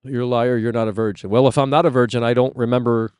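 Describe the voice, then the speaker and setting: A man's voice: medium pitch, level tone, fast talker, a little mellow, smooth, dry recording, clean studio sound. A man hosting a casual live stream outdoors on his phone, ranting and swearing as he answers chat. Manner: ranting, profane, reading chat aloud.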